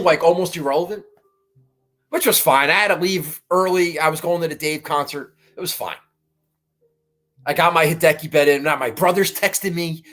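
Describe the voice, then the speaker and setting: Podcast host recapping a golf weekend; exasperated, profane, animated, trips over own sentences. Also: mid-range voice. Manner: exasperated, swearing storyteller; animated, frequent restarts and rising outbursts. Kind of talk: casual golf betting recap.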